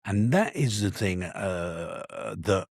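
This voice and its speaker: A man, a podcast guest who is an actor and comedian, telling a personal story in an animated, emphatic way. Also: takes it slowly, husky, no echo, clean studio sound. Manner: animated, emphatic, often rising in pitch.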